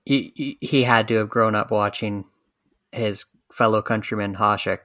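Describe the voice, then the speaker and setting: A man co-hosting a casual sports podcast, thoughtful, with halting starts. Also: lowish voice, fairly even intonation, pushed and bright, no echo, clean studio sound. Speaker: podcast co-host.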